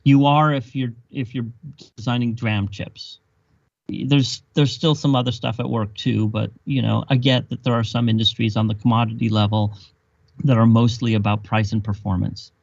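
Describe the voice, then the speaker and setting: A man's voice: medium pitch, level tone, moderate pace, creaky, a little mellow, no echo. A man as a podcast guest, making his points emphatically with chains of rhetorical questions. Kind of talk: explanatory conversation. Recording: dull dry lo-fi sound.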